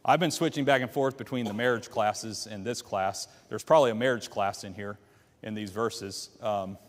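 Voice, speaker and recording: A man's voice: fairly low pitch, moderate pace. A man teaching a church Bible class, retelling a story and putting questions to the class. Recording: long hall reverb.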